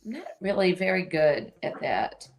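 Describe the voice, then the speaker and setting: A woman's voice: on the low side, very animated, moderate pace, music in the background. A woman co-hosting a casual chat, self-deprecating and hesitant, often trailing off mid-sentence. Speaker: co-host.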